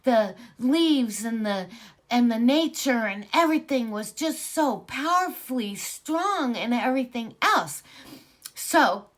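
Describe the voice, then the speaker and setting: A woman in her sixties casually telling her own spiritual story, rambling with many fillers and growing animated at times. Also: on the high side, slow pace. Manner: rambling, filler-heavy, animated when excited.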